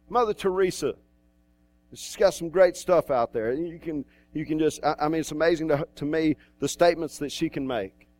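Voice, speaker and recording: A man's voice: fairly high pitch, a little mellow, dry recording. A male pastor preaching a sermon in a church, in a conversational way with asides and restarts.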